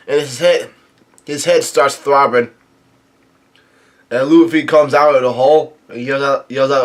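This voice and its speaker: A young man talks through a comic chapter in an unhurried, casual way. He stumbles, restarts and corrects himself often. His voice sits at an ordinary middle pitch. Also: fairly even intonation. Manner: halting, many restarts and self-corrections. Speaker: manga reader and recapper.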